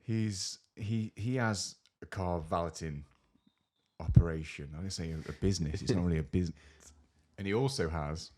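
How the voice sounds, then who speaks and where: A man's voice: sits low, normal speed, darkish tone. A man co-hosting a podcast, telling rambling, amused stories in casual chat. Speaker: podcast co-host.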